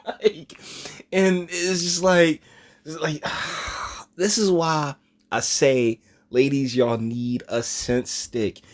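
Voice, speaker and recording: A man giving casual, mocking reaction commentary on a video, laughing often and stumbling over his words. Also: on the high side.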